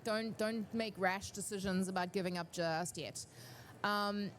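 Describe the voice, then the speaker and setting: A woman speaking on a cosplay panel, giving earnest, encouraging advice and telling stories in an animated way. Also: medium pitch, a little slow, a little hiss or hum.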